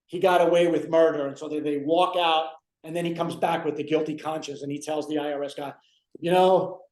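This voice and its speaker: A man in his forties chats casually, rambling with lots of fillers as he retells scenes. His voice sits fairly high. The room sounds roomy and echoing. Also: fairly even intonation, fast, darkish tone. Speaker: co-host. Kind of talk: casual chat. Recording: roomy echo.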